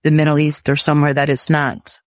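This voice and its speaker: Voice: medium pitch, completely flat delivery, fairly quick, no room sound. Hesitant, friendly interview host. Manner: loose, hesitant questioning with fillers. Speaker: podcast host. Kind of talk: conversational interview.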